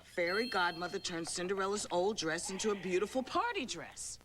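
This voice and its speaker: A cheery, oblivious fairy godmother, acted by a woman, bubbling along with wide, lively swoops in her voice. She sounds scatterbrained and sunny, as if on a children's TV show. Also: fairly low pitch, normal speed, crowd noise, natural voice. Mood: bubbly. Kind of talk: children's TV puppet acting.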